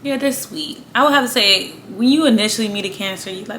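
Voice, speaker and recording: A woman's voice: fairly high pitch, a little fast, few pauses, noisy background. A woman talking casually to camera, blunt and slangy, swearing freely and laughing between points. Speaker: astrology vlogger. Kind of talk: casual monologue.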